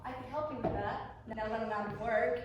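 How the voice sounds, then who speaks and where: A woman's voice: on the high side, fairly even intonation, muffled recording, heavy background noise, natural voice. A young woman acting on stage as a blunt, ambitious young legal secretary who swears and laughs easily. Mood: teasing. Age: young adult. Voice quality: brash, swearing, quick to laugh. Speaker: student actor. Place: theater stage. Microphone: far camera. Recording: echoey stage heard from far off.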